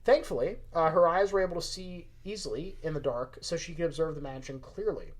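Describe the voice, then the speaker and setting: A man's voice: a little high, a little fast. A young man with a Southern accent reading a story aloud and bantering, chatty, self-deprecating and a bit tipsy. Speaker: story reader, podcast co-host.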